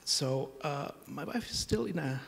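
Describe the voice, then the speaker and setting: A man's voice: on the high side, lively intonation, unhurried, creaky, a bit bright. Middle-aged man telling stories in a hall. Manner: humorous, self-deprecating anecdotes. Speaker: conference host. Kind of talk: storytelling conference introduction. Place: conference hall.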